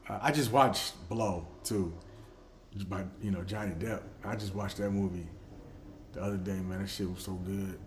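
Loose, animated middle-aged man storytelling. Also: low voice, normal speed, slight background noise. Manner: animated storyteller who acts out quotes; loose and profane. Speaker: podcast host. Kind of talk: casual podcast monologue.

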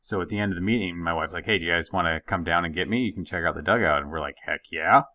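A man in his thirties, a podcast co-host, telling a funny family story in a casual, animated way and laughing often. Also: deep voice, rapid-fire, no echo.

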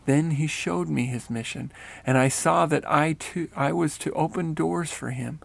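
Gravelly man reading a story. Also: on the high side, unhurried. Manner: steady, earnest reading. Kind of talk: reading a first-person story aloud.

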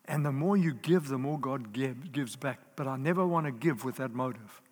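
A man's voice: medium pitch, normal speed. A man preaching a sermon in an earnest, emphatic way, stacking up lists and repeating key words. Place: church hall. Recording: live in a large reverberant hall.

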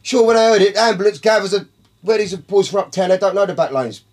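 Fast, husky man telling a story. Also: high voice, animated, darkish tone. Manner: rambling, profane, keeps calling listeners by name. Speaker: podcast guest. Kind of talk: casual storytelling.

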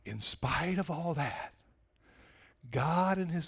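A male pastor with a high, light voice preaching a fervent sermon. He climbs into loud, urgent stretches, then drops to hushed, almost whispered pleas. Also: lively intonation, slow, creaky, pauses often, breathy edge.

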